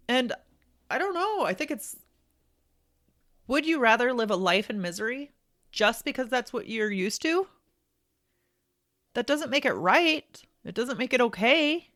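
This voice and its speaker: A woman's voice: fairly high pitch, very animated, measured pace, long pauses, a bit bright. A woman hosting a podcast, speaking in an encouraging, emphatic, colloquial way as she urges listeners to take action. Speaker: podcast host. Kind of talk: motivational podcast monologue.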